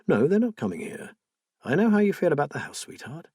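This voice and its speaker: A strained, defensive husband, read by a male narrator whose husky voice swings in pitch. He speaks in the narrator's own voice. The sound is dry and close to the mic. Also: big pitch swings, a little fast, mellow, no echo. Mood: coaxing. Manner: pleading, then tense and exasperated.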